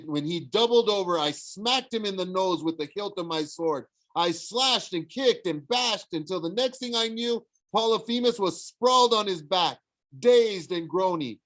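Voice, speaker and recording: A man reading a novel aloud in the first person, expressive, with small slips and restarts. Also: high-pitched. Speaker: audiobook narrator.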